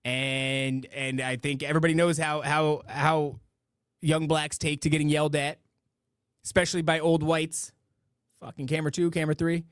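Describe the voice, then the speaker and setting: A middle-aged man hosts a live-stream show in a loose, rambling way, full of restarts and asides. His voice sits a little high for a man. The sound is dry, with no room echo. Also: little pitch movement, normal speed, clean tone. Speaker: podcast host reading donations and chat. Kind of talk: casual live-stream chat.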